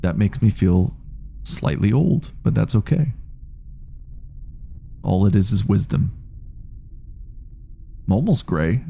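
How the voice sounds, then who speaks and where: A man's voice: fairly low pitch, animated, slow, gravelly, long pauses, warm tone, breathy edge. A man in his late thirties chatting casually on a game live stream, rambling, swearing freely and reading out chat messages. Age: 30s.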